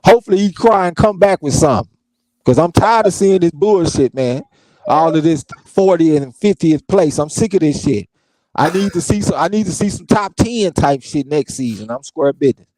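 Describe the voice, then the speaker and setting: A man's voice: fairly high pitch, animated, moderate pace, warm tone, no echo, poor audio. A man co-hosting a casual boxing talk stream, blunt and profane as he argues his opinions. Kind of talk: casual chat.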